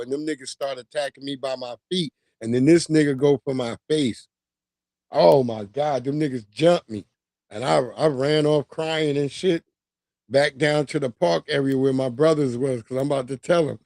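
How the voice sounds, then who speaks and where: A man telling a long, profane childhood story on his livestream in a streetwise, animated way. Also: fairly high pitch, no room sound, studio quality. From New York. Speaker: livestream host. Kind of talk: casual storytelling.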